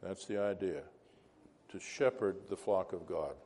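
A man's voice: low-pitched, a little slow, mellow, slight background noise. A man teaching an informal Bible class, conversational and wandering into asides, asking the class questions.

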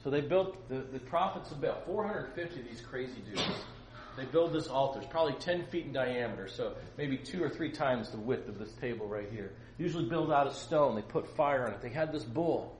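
A middle-aged man teaching from the Bible to a small group, acting out quotes loudly and joking with his listeners. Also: mid-range voice, lively intonation, brisk, a little hiss or hum. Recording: echoey room with faint ambience.

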